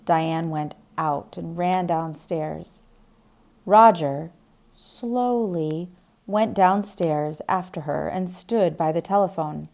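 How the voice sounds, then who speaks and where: A woman reading a graded-reader story aloud slowly, clearly and deliberately. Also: lowish voice, darkish tone. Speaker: narrator. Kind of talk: graded-reader audiobook narration.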